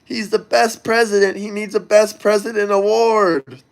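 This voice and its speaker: A man's voice: high-pitched, little pitch movement, moderate pace, creaky. A man hosting a casual livestream, talking loosely and crudely straight to his viewers as he reads the chat. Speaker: livestream host reading chat.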